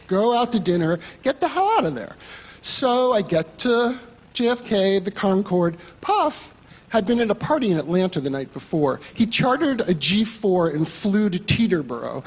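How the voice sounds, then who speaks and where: A man's voice: sits high, breathy edge, long reverb tail. A man telling a story on stage to an audience, in a wry, profane, self-mocking way.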